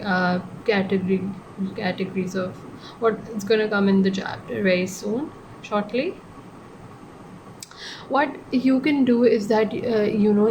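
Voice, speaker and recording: A woman giving a casual online law lecture, talking in a chatty, digressive way, often correcting herself and adding joking asides. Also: medium pitch. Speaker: law tutor. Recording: clear background noise.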